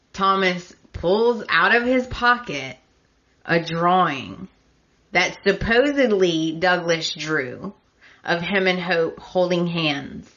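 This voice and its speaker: A woman's voice: on the low side, a bit bright, lo-fi sound. A woman hosting a podcast, chatty and opinionated with a sarcastic edge, recapping in a casual way. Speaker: podcast host.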